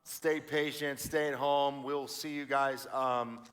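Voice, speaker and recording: A man co-hosting a church show, chatting in a relaxed, friendly way and signing off to viewers with fillers like uh and um. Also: mid-range voice, slow. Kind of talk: casual chat and sign-off. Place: large empty church auditorium.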